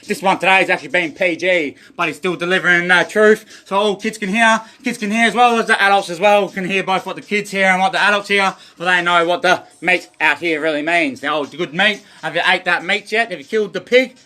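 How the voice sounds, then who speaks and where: Australian man, livestreamer; rambling and profane, higher tense voice. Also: brisk, hardly any pauses, sharp tone. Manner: rambling, profane, stream-of-consciousness. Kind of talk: rambling monologue.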